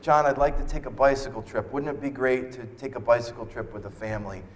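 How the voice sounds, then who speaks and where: An encouraging, adventurous wife, coaxing and upbeat, pitched a little higher, as a man speaker puts her on. The lines ring with a long hall reverb. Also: quick pace, natural voice.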